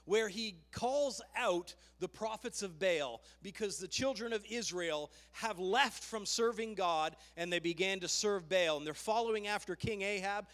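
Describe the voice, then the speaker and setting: A man preaching a sermon, fervent and emphatic, with loud rising bursts as he tells the story. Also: high-pitched. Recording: long hall reverb.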